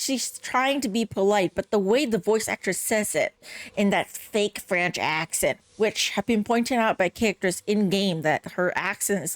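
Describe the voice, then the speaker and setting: A woman's voice: mid-range voice, dry recording. A young woman giving casual gaming commentary, rambling and exasperated, full of "like" fillers as she picks apart a game's voice acting. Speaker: game streamer.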